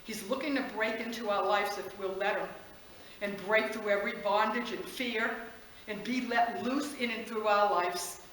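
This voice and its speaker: A woman's voice: medium pitch, steady tone, moderate pace, slight background noise. Impassioned woman preaching in an echoey room. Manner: impassioned, rising to shouts, with laughs. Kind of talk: passionate sermon.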